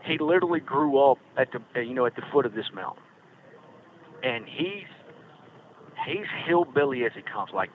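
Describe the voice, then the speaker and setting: A man's voice: mid-range voice, animated, moderate pace, long pauses. Brief: middle-aged man, folksy rambling storyteller, tinny phone line with faint hiss. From Virginia Blue Ridge foothills. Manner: rambling, folksy, lots of fillers. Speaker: podcast host calling from prison. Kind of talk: casual storytelling. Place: prison.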